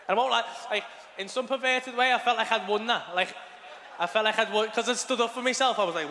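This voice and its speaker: Stand-up comic, male, high register, crude and animated; live club hall, echoey and noisy. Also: fast talker. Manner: crude, swearing, animated storytelling. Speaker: stand-up comedian. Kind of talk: stand-up set with crowd work. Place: comedy club stage. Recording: reverberant club hall with crowd noise.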